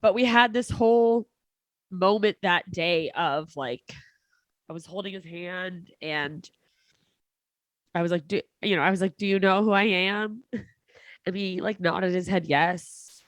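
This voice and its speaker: A woman with a fairly low voice talks through a personal story in a loose, conversational way. She often stops and restarts, leans on fillers, and drops in a short laugh now and then. The sound is dry and close to the mic. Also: dry recording. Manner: halting, many fillers and restarts, laughs between lines. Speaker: comedian guest.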